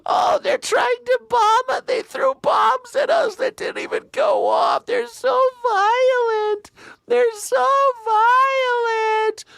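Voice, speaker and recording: A man's voice: fairly even intonation, slow pace, creaky, fairly bright tone, no echo, full character voice. A man mockingly voicing a whiny grown man who wails and sobs in exaggerated self-pity. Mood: mock sobbing. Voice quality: shrill wailing, fake sobbing.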